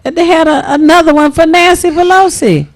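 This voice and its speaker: A woman's voice: very high voice, a little fast. A woman telling mocking stories in a casual talk-show conversation. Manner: storytelling, mocking.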